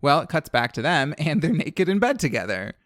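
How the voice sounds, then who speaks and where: A man's voice: a little high, sing-song, brisk, fairly bright tone, no echo, studio quality. A man from New Orleans co-hosting a podcast, recapping a horror film in casual, profane chat and laughing often. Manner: chatty, profane, laughs often, many fillers.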